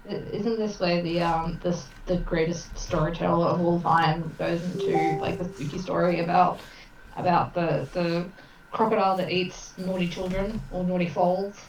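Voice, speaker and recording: Low-ish voiced woman player, giggly and playful, sounds far off in an echoey room. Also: little pitch movement, moderate pace, a little mellow, a little hiss or hum. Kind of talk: casual tabletop play.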